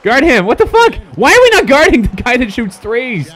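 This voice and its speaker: A young man streaming a basketball video game, yelling and swearing loudly at the players as he commentates. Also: very high-pitched, big pitch swings, moderate pace. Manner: loud, profane, yelling at the game. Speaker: gaming streamer. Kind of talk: excited gameplay commentary.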